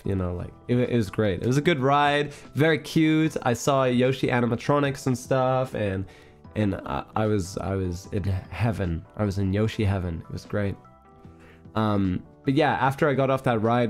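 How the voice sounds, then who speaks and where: A young man streaming a casual chat, his voice still a little hoarse and worn, rambling through an animated story. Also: medium pitch. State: hoarse, recovering voice.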